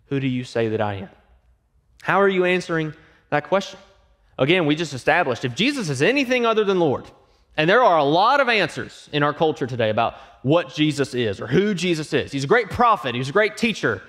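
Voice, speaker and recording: A man pastor preaching a sermon, acting out quoted voices and dropping to hushed, emphatic lines. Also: a little high, sing-song, brisk. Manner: acts out quoted voices and asks the congregation questions.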